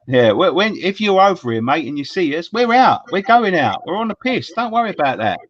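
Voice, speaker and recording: A man's voice: fairly high pitch, sing-song, moderate pace, dry recording, dull audio. A man with a London accent co-hosting a fan show in casual, sweary banter, laughing often. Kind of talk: casual pub-style banter.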